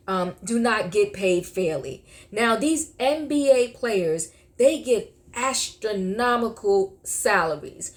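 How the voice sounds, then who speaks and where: A woman's voice: medium pitch, a little mellow. Older lady vlogging her take on the news, emphatic and chatty, keeps repeating the point. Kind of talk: casual commentary vlog.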